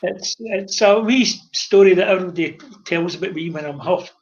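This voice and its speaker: An older Scottish man, a former publican, telling lively stories in casual chat and acting out the dialogue. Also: high voice, normal speed, dull audio. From Scotland. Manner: animated anecdotal storyteller, acts out dialogue.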